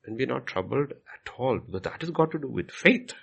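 A man's voice: mid-range voice, animated, fairly quick, gravelly, husky, highs cut off. A man answering questions as a pastor in a Q&A, repeating his points with emphasis. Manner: repetitive, emphatic, acts out quoted questions. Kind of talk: Q&A teaching.

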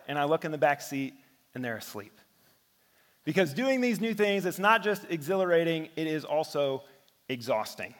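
A man in his thirties preaching a sermon, telling everyday stories and often dropping to a hushed voice for effect. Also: fairly high pitch, in a large hall. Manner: storytelling preacher who drops to a hush for effect. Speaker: pastor.

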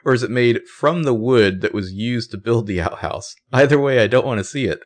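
A man's voice: medium pitch, fairly quick. A man co-hosting a podcast, casually retelling a TV scene, with sarcastic asides and frequent swearing. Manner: sarcastic, swears freely, narrates scenes with quoted lines. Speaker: podcast co-host recapping a TV episode. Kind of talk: casual chat.

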